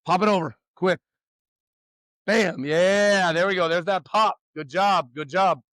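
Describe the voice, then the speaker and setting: A man coaching young pitchers through a warm-up, loud and upbeat, teasing the players between drills. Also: a little slow, dry recording, clean studio sound.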